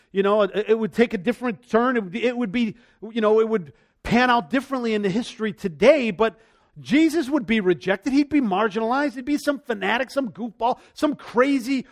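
High-voiced animated preacher man. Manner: animated, swings between loud and soft; acts out quoted voices. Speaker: pastor. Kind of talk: sermon.

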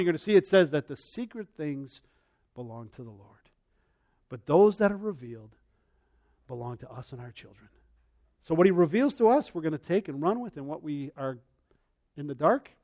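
A man preaching a sermon as pastor, animated, swinging between loud passages and soft ones, acting out the voices he quotes. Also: on the high side, fairly quick, pauses often.

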